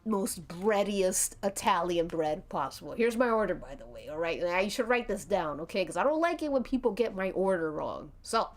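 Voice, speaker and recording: A woman's voice: mid-range voice, expressive, moderate pace, few pauses, close to an everyday voice. A woman voicing a brash, bossy, fidgety brute of a man who is foul-mouthed and demanding. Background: faint background music.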